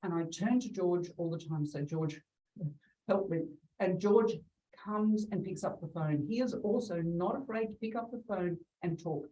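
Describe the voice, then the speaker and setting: A middle-aged woman with a lowish voice talks through her work as an interview guest. She is chatty and laughs often. She is recorded a little far from the microphone. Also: normal speed, dark tone. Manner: chatty, laughs often, acts out quoted callers. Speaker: real estate agent guest. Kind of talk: conversational interview. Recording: distant from the mic.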